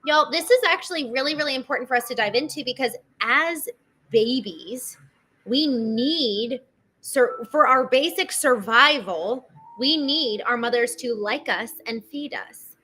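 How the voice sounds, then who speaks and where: A woman's voice: sits high, unhurried, bright, forceful tone. A woman hosting a solo talk show, speaking earnestly and conversationally, often addressing her listeners directly. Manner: earnest, conversational, with many restarts and asides to listeners. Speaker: host.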